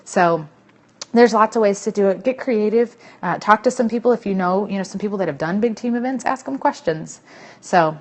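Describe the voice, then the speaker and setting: A woman's voice: mid-range voice, fairly quick, a little mellow. Chatty woman live-streaming. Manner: chatty, emphatic, with fillers. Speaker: network marketing team leader. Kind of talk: casual live-stream chat to viewers.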